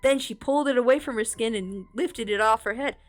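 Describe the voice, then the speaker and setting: A woman streamer reading a children's horror book aloud, expressive with small slips. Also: a little high, brisk, faint music behind. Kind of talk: storybook read-aloud.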